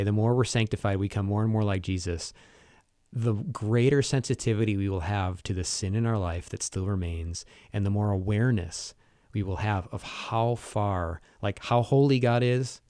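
A man in a relaxed faith conversation, speaking earnestly and searching for words with fillers. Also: on the low side, no echo, clean studio sound.

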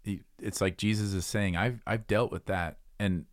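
Man, very low voice, thoughtful Bible talk, dry close sound. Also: steady tone, moderate pace, no room sound. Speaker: Bible discussion speaker. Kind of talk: casual Bible discussion.

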